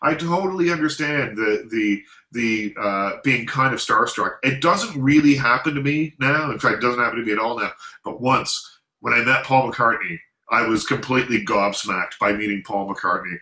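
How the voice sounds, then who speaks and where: A man recounts a story in relaxed, casual talk, laughing along the way. His voice comes across bright and forceful. The sound is roomy, with a clear echo. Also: mid-range voice, normal speed. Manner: animated anecdote telling, laughs often.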